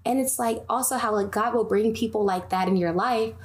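A young woman hosting a casual faith podcast, telling animated stories and wandering off on tangents. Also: on the high side, fairly quick. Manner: animated storytelling, goes on tangents. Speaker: podcast host.

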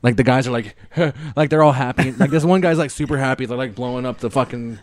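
A man's voice: mid-range voice, fast talker, a little mellow, dry recording, studio quality. Laid-back swearing podcast guy. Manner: swears a lot, laughs often. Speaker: podcast co-host. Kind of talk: casual chat.

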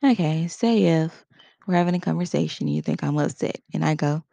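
A woman's voice: low voice, fairly quick, vocal fry, dark tone, dry recording, dull audio. A woman giving a casual spoken lesson in a conversational way, acting out short example quotes. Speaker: instructor.

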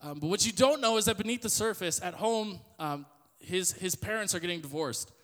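A young man giving a loud, joking youth sermon to an audience in a church hall. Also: sits high, animated, brisk. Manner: loud, joking, self-deprecating storyteller. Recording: long hall reverb.

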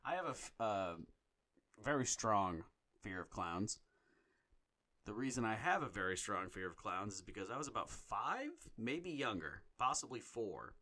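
Lower-voiced man telling profane stories. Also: measured pace. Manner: profane, animated storyteller. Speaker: podcast co-host. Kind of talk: casual chat.

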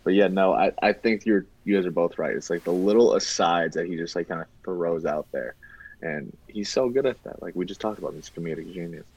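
A man with a very low voice hosts a loose podcast conversation. He talks in a laid-back, joking way and swears freely. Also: a little fast, darkish tone, husky, poor audio. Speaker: podcast host. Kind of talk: casual chat.

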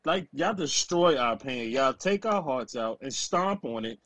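A man co-hosting a casual sports podcast, ranting and self-mocking in animated bursts. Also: mid-range voice, a little slow, no echo. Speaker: podcast co-host.

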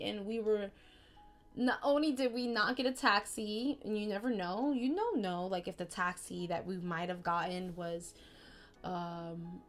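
A woman hosting a spiritual podcast, talking in a casual, slangy, animated way that swings between excited outbursts and softer, quieter stretches. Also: mid-range voice, unhurried, soft background music. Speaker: podcast host.

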